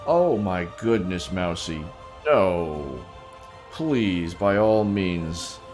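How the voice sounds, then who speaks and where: A man with a very low, deep voice chats playfully on a live stream. He hams up his role as a king and talks directly to his viewers, with faint music underneath. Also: animated, extremely slow, darkish tone. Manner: playful and theatrical, talks straight to his chat. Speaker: streamer playing a king persona. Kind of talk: casual live-stream chat.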